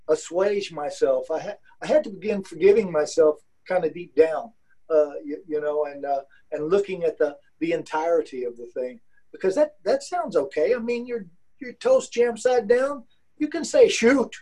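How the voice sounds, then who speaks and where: An older man with a mellow, slightly raised voice shares his experience with a discussion group. He talks haltingly, restarting sentences and reaching for homespun phrases. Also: high-pitched, breathy edge, rough recording. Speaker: class participant. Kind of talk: personal sharing in a group.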